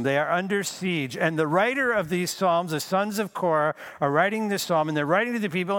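A man preaching a sermon as pastor, emphatic, repeating key phrases and slowing down to stress them. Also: a little high, a bit bright.

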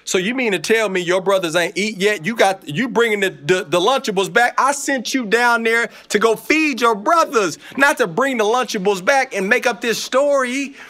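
A preacher doing an exasperated dad. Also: male voice, high voice, moderate pace, hardly any pauses, pushed and bright, voice pushed up. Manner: incredulous, scolding. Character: exasperated father scolding his son.

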